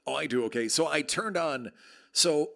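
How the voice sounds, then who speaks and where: Gravelly man with a projected radio voice. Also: a little high, normal speed, a bit bright. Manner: projected, radio-style delivery; jokey, chatty, reads out viewer comments. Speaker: live-stream host. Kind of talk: casual live-stream chat. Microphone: close desk microphone with level meter.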